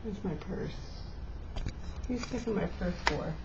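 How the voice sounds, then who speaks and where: A woman's voice: mid-range voice, a little slow, gravelly, lo-fi sound, heavy background noise. A woman at home talking to her dog on a home camera, cooing and teasing him. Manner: coos and teases her dog. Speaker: pet owner filming her dog. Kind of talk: casual home video. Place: at home indoors.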